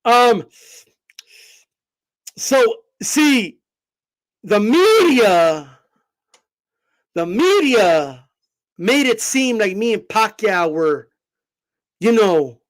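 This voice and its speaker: A man doing an impression of a smug male boxing champ, speaking slow and halting with lots of ums. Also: high-pitched, sing-song, heavily acted, rough recording.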